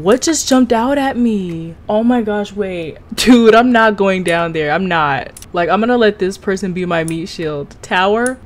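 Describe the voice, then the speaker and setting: A young woman giving chatty gaming commentary to her viewers, jumpy and excitable, often breaking into high-pitched shrieks and gasps. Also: normal speed, few pauses. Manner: chatty, addresses viewers as guys. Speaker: gaming YouTuber.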